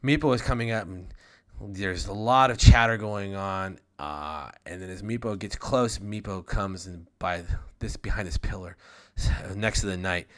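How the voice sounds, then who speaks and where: A man's voice: deep voice, moderate pace, fairly bright tone. A man narrating as game master in a tabletop game, casual and rambling, with the odd swear.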